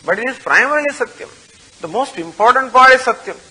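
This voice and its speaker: An older man teaching a scriptural study class, explaining slowly with many fillers and reciting Sanskrit. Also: extremely high pitch, expressive, sharp tone, breathy edge, low-quality recording. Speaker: Vedanta teacher.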